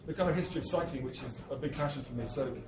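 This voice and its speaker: A man's voice: medium pitch, rapid-fire. An English man in his thirties giving a rambling, self-deprecating talk at a cafe book launch. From England. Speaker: author. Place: busy cafe. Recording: echoey cafe, distant mic, crowd.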